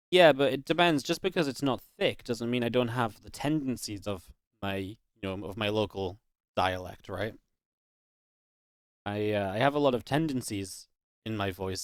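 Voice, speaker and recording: A man's voice: lowish voice, dry recording, clean studio sound. A young man from northeast England with a light Geordie accent, casually casting a game and chatting with viewers in a rambling way. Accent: northeast English (Geordie). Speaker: esports caster. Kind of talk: casual live-stream commentary and chat.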